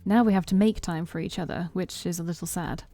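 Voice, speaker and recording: A woman's voice: fairly low pitch, fairly quick, warm tone, faint music behind. A woman reading a story game aloud in first person, playful, with her own asides. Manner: playful, with side comments. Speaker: let's play streamer.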